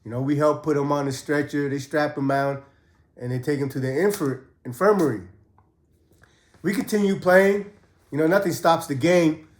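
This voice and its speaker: A man's voice: fairly high pitch, normal speed. Laid-back man telling stories, roomy echo. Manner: laid-back, profane, acts out quotes in a raised voice. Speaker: host telling prison stories. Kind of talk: casual storytelling.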